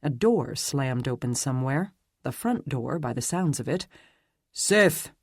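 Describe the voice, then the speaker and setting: A man narrating a dark fantasy romance audiobook in a steady, even reading. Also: mid-range voice, normal speed, breathy edge, no echo, clean studio sound. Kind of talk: scripted narration.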